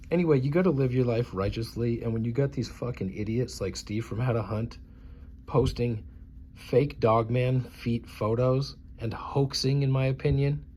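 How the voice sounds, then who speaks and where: A man's voice: medium pitch, a little hiss or hum. A man in his forties from the United States, ranting in a profane, scornful and combative vlog monologue. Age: 40s. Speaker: YouTuber.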